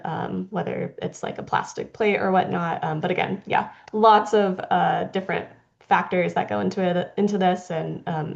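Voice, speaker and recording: A woman's voice: on the low side, gravelly, a little mellow, muffled recording. A woman presenting on a video call, answering questions with many fillers and restarts. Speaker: guest presenter.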